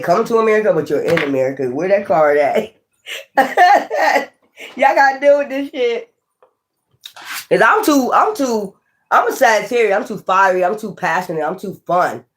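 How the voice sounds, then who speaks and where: A tarot reader giving a casual reading who laughs often, swears freely and acts out imagined people in quick asides. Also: medium pitch, a little hiss or hum.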